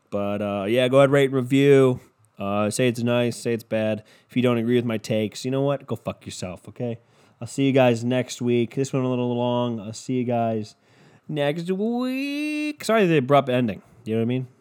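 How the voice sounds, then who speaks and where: A man's voice: medium pitch, a little mellow. A young man from Cleveland hosting a podcast, ranting in a profane, rambling, casual way. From Cleveland, Ohio. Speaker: podcast host. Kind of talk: casual comedic rant.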